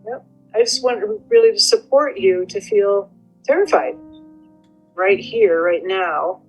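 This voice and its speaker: A woman therapist guiding a session in a gentle, measured, coaxing way. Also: medium pitch, expressive, faint music behind, rough recording.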